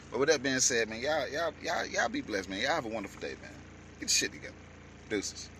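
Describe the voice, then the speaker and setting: A man delivering a heated, profane rant as a vlogger, shouting at times. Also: mid-range voice, lively intonation, fast talker, background noise. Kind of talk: heated ranting commentary.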